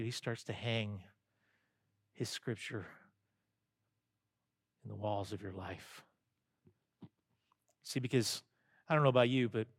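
Animated preaching man, dry close sound. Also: fairly high pitch, no echo. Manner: animated, conversational preaching with rhetorical questions to the congregation. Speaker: pastor. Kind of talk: sermon.

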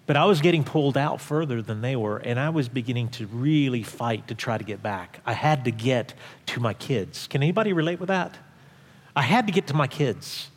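A man preaching in a church service, telling a personal story in a conversational way, with restarts, going quiet at tense moments. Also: medium pitch, big-room sound. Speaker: pastor. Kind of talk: sermon storytelling.

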